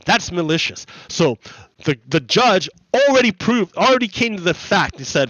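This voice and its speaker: A man hosting a gaming channel, explaining in a repetitive, halting way full of restarts during casual commentary over gameplay. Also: high-pitched, sing-song, fairly bright tone, no room sound, low-quality recording.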